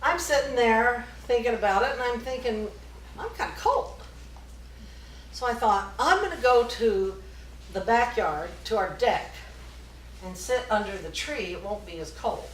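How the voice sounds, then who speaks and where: A middle-aged woman performing a storytelling comedy set, often laughing at her own story and shouting out other people's lines. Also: fairly high pitch, normal speed. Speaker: stand-up comedian. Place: small live music venue. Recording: echoey room, distant mic, faint noise.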